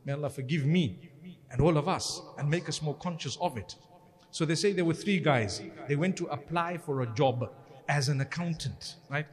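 A man's voice: a little high, moderate pace. Man preaching in a reverberant hall. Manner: conversational, joking asides, pious interjections. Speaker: Islamic preacher. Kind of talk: sermon with jokes. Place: lecture hall.

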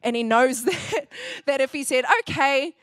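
With a high voice and a slightly slow delivery, a female pastor preaches conversationally in a church hall, laughing often and mimicking what people said. She's chatty, and the audio is clean studio sound.

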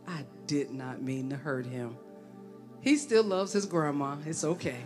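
A woman telling a tender story about her mother as a tribute at a memorial service. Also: low voice. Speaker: daughter giving a tribute.

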